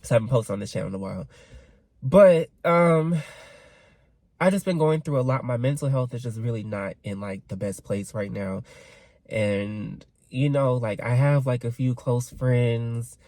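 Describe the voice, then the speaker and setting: A man's voice: medium pitch, normal speed, a little mellow, no echo. A man in his twenties, getting over a cold, ranting candidly to camera in a casual vlog and swearing freely. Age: 20s. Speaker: vlogger.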